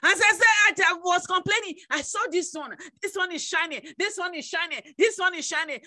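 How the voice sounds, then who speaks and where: A woman evangelist, giving an emotional testimony sermon with repetition and sudden shouted outbursts. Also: very high-pitched, brisk, few pauses, dry recording.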